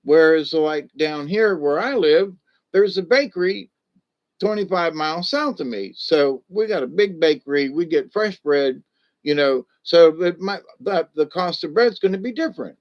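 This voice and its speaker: A man talks on his livestream in a loose, folksy ramble and drops in greetings to viewers by name. His voice sits high. The home audio sounds a little dull and lo-fi. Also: lively intonation, moderate pace. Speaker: livestream host. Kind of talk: rambling casual livestream talk.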